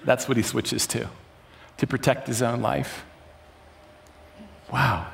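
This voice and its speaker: A middle-aged man preaching a sermon, telling stories and acting out the quoted lines with sudden jumps up in pitch. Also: steady tone, takes it slowly, vocal fry. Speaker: pastor.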